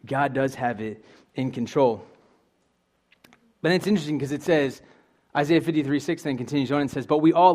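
A man's voice: fairly high pitch, darkish tone. A young man preaching a sermon in an earnest, conversational way, asking his listeners questions.

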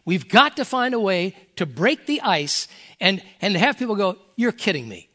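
A man's voice: high-pitched, very animated, moderate pace, sharp tone. An older man, a pastor emeritus, preaching a folksy, earnest sermon and reading scripture aloud.

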